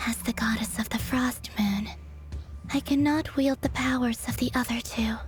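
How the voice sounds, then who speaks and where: Breathy whispered role-play, tired frost moon goddess, woman voicing her, kinda high, soft game music. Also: fairly even intonation, natural voice. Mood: solemn. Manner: solemn, sorrowful, measured.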